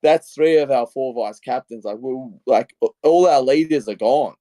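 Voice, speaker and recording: Excitable young Australian man, rambling. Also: mid-range voice, normal speed, no echo. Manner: excitable, rambling storytelling with re-enacted quotes. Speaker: podcast co-host. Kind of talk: casual footy podcast chat.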